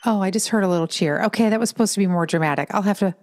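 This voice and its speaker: A woman's voice: medium pitch, rapid-fire, darkish tone. A middle-aged woman co-hosting a podcast in casual, chatty conversation, telling stories with an exasperated edge. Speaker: podcast co-host. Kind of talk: casual chat.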